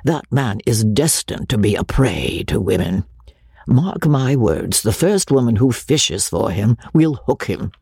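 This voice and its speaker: A man voicing a jovial, teasing older gentleman who mocks his son, in a breathy, lifted voice. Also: mid-range voice, animated, measured pace, dry recording, clean studio sound, full character voice. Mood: wry. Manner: mocking, bantering.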